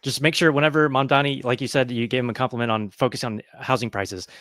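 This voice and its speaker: A man calls in to a talk show and talks quickly at an ordinary pitch. He is agreeable and chimes in with his own examples. His voice sounds dry, with no room around it. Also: steady tone, fairly bright tone, no room sound. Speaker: caller. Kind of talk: casual phone-in chat.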